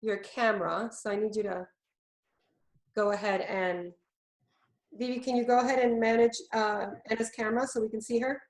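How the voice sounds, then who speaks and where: A woman's voice: a little high, steady tone, normal speed, echoey room. A woman hosting a live online coaching event, upbeat and instructive as she introduces the next segment. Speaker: host, love coach.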